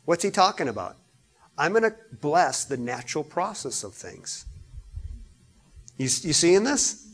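A man's voice: a little high, very animated, unhurried, long pauses. Man preaching with swelling emphasis. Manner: preaching with rising emphasis, repeats words. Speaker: pastor. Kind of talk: sermon.

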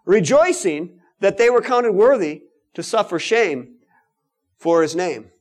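Male preacher, lively sermon delivery with big pitch swings, slow measured pace. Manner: animated preaching, swinging from loud to hushed.

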